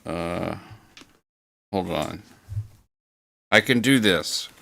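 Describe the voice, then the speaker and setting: Slow, deep-voiced man chatting to his stream. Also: vocal fry, pushed and bright, a little hiss or hum. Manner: rambling and laid-back, swears casually, reads chat aloud. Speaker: livestream host. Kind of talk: casual livestream chat with viewers. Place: home studio.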